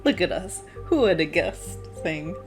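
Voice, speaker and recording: Low-voiced woman reading game narration. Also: sing-song, darkish tone, soft background music. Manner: reads narration lower and slower, playful asides. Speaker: podcast co-host.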